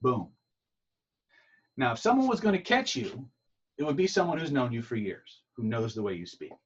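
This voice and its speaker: A man teaching communication skills in an animated storytelling way, restarting phrases often, over a video call. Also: mid-range voice, a little fast, slightly rough, distant mic. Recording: dull lo-fi sound.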